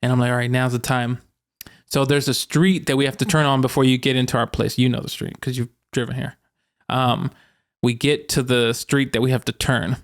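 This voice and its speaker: A man's voice: mid-range voice, fairly quick. Young guy on a podcast, chill storyteller, swears a lot, mid voice. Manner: animated storyteller, swears freely. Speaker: podcast co-host. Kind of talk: casual chat.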